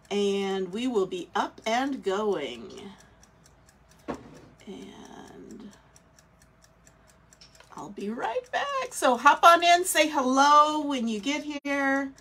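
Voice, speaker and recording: Woman craft livestream host with a stuffy nose and a slightly high voice, slow, chatty and welcoming. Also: fairly bright tone. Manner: chatty, welcoming, thinks aloud. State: scratchy throat, stuffy nose. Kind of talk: casual live craft demo chat. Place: small indoor craft studio.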